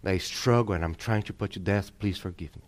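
A man voicing a remorseful mother in a sermon story, speaking softly and pleading with her family for forgiveness. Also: low-pitched, a little fast, pitched below the performer's own voice, lightly acted. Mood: pleading, contrite. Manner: soft, pleading, contrite.

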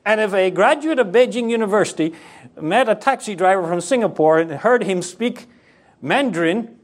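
Animated high-voiced male preacher. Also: moderate pace. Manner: animated, acts out quoted voices with sharp pitch swings. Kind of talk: sermon.

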